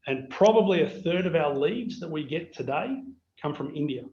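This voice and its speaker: A man's voice: on the high side, moderate pace. Australian man telling business stories. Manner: anecdotal, animated storyteller acting out dialogue. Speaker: business owner presenting to peers. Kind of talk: storytelling keynote on a video call. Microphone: video call. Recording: roomy, dull video-call audio.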